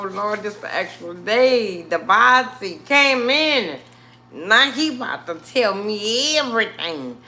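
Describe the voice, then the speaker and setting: On her live stream, a medium-pitched woman tells viewers a story, animatedly acting out quotes and addressing them as y'all. A little hiss or hum runs under the audio.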